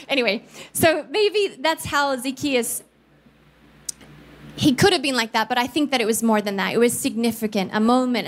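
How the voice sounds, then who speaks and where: A woman in her thirties of Filipino background preaching a sermon as a pastor, telling stories and playfully acting out voices. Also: a little high. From Philippines. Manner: animated, acts out voices playfully. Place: church studio.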